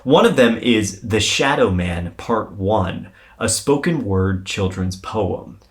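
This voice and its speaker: A man co-hosting a podcast, telling a paranormal story in a casual, animated way and swearing freely. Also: on the low side, slow. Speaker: podcast co-host.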